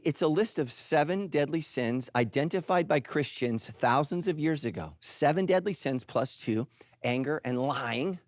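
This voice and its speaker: Man preaching, middle-aged, high lively voice, dry close sound, jokey. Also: dry recording. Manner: animated, jokey, acts out voices. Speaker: pastor. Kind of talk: sermon.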